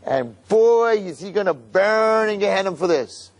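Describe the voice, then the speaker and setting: A man's voice: high-pitched, unhurried, voice pushed up. A man voicing a gleeful, scheming male Satan-like spirit who gloats over a person's sins. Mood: gloating. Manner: gloating, excited, whooping.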